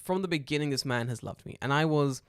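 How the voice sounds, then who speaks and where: Profane, animated man telling a story. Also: a little high, fast talker, clear, resonant tone, dry recording, studio quality. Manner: animated, profane, acts out dialogue loudly. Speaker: podcast co-host. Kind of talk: casual storytelling chat.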